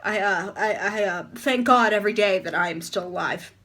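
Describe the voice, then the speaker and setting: A woman playing a gruff sixty-year-old male driving examiner who speaks in short, curt phrases. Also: mid-range voice, normal speed, pitched below the performer's own voice, natural voice. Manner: curt, flat, barks numbers.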